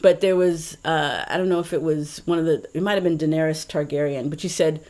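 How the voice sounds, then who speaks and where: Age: unknown. Sex: woman. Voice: low-pitched, chatty podcast co-host. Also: fairly even intonation, fairly quick, darkish tone. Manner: chatty, reads quotes aloud, trails into asides. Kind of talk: casual podcast chat.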